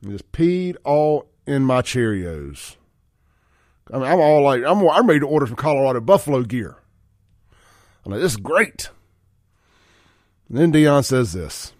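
Folksy radio host, riled up. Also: male voice, big pitch swings, measured pace, pauses often, no room sound, studio quality. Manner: folksy, worked-up rants, pitch climbing when riled. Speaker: radio talk show host. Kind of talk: opinionated sports talk. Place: radio studio. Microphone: studio microphone.

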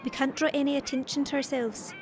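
A woman with an Irish accent acting in an audio drama, brisk, bossy and playful. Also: sits high, flat delivery, a little hiss or hum, close to an everyday voice.

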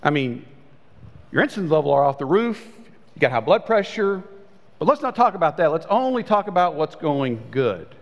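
A pastor preaching a sermon in a conversational way, his voice swinging between high and low. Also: sing-song, normal speed. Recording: long hall reverb.

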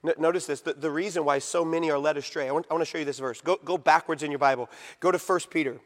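A man preaching a sermon with fervent emphasis, swinging between loud declarations and low, drawn-out phrases. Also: fairly even intonation, big-room sound.

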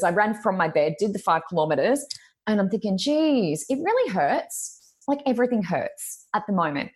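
Chatty woman podcast co-host. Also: fairly low pitch. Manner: chatty storytelling, acts out quoted voices. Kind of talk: casual chat.

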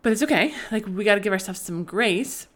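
A young mother talks to her listeners in a casual, heartfelt monologue. She is earnest and loose, often restarting her sentences and padding them with "like". Her voice sits at an ordinary middle pitch. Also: fairly quick. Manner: earnest, rambling, self-correcting, frequent "like". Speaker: podcast host. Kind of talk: casual faith-based podcast monologue.

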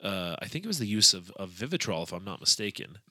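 Male counselor, low-pitched bright voice, dry close sound, muses aloud with fillers. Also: sing-song, fast, dry recording. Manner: thoughtful, hesitant, many fillers. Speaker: addiction counselor. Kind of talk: casual podcast discussion.

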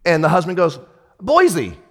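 Lebhafter Pastor in einer Kirchenhalle. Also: male voice, on the high side, a little slow, a little hiss or hum. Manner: animated, chatty, many restarts and asides. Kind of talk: sermon storytelling. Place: church. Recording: church hall reverb.

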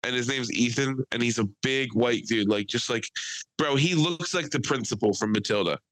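A young man co-hosting a podcast in casual chat, an animated, rambling storyteller who swears freely. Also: medium pitch, normal speed, no echo, rough recording. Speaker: podcast co-host.

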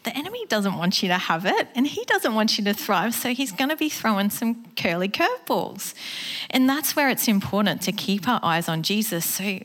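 A woman's voice: mid-range voice, very animated, moderate pace, a bit bright. A woman giving a personal testimony as a guest speaker, speaking in an earnest, conversational way and acting out the voices in her story.

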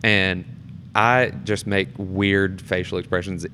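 Low-voiced man telling a lively stage story. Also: takes it slowly, slight background noise. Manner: animated storyteller, voice jumps up in quoted reactions. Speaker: theatre performer and board member. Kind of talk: casual interview chat.

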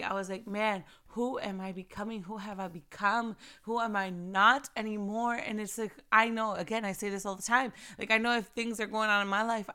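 Young woman, podcast host, bright crisp voice, chatty, earnest, repeats herself. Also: a little high. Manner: chatty, earnest, repeats phrases, laughs often. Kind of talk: casual faith podcast monologue.

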